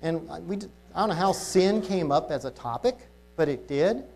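Man, lay preacher, informal sermon, conversational, slow deliberate scripture reading, warm mellow tone. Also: on the high side, lively intonation, vocal fry. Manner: conversational, reads Bible verses slowly and deliberately.

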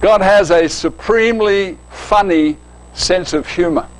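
Folksy, joking older preacher. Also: male voice, high voice, measured pace, rough recording. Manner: folksy, joking, often asks "right?". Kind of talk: sermon.

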